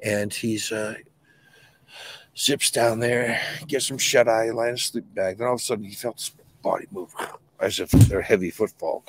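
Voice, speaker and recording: A middle-aged man from New England, a guest telling a paranormal encounter story in a colloquial, swearing, animated way. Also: on the low side, normal speed, slight background noise. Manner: colloquial, swears casually, restarts often. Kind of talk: animated storytelling in a podcast interview.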